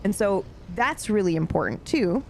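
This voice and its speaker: A woman in her thirties telling a story from her own life in a casual, animated way, swearing freely. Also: medium pitch, normal speed, gravelly, a little hiss or hum. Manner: animated, swears freely, grows more excited. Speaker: streamer.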